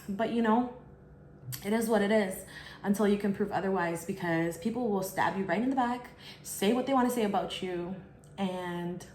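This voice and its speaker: A woman telling a personal story while eating, chatty and expressive with lots of fillers. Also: mid-range voice, slight background noise. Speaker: vlogger. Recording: echoey room.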